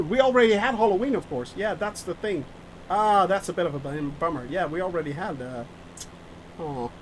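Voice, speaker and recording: High, lively man streaming a flight sim. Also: a little hiss or hum, rough recording. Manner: rambling, self-mocking, answers chat aloud; halting, many fillers and restarts. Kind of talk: live-stream chat while playing.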